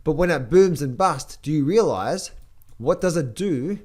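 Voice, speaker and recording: A man's voice: fairly high pitch, lively intonation, measured pace, darkish tone. A man giving casual market commentary as a trading educator, blunt and rambling, with many repeated words.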